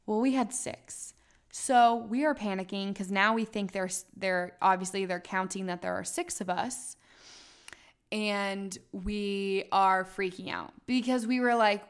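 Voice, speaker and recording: A woman's voice: medium pitch, fairly even intonation, unhurried, clear, resonant tone. A young woman hosting a podcast, telling a travel story casually, with dramatic retelling and lots of fillers. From United States. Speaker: podcast host.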